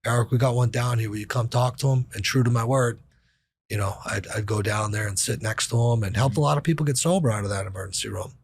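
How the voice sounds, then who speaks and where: A man's voice: mid-range voice, fast, creaky, a little hiss or hum. A man in his thirties telling a candid personal story in casual conversation, swearing casually and acting out quoted dialogue. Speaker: podcast guest.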